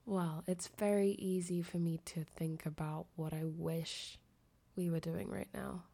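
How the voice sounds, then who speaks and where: In a lowish, steady voice that's creaky and slightly rough, a sick young woman speaks slowly and nasally through a fever. She's an audio creator doing an intimate girlfriend phone-call role-play, giggling often and trailing off.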